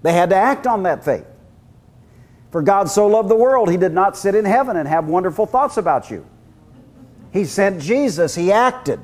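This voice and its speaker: Male preacher, high voice, animated storyteller who acts out voices. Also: moderate pace. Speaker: guest preacher. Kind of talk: sermon.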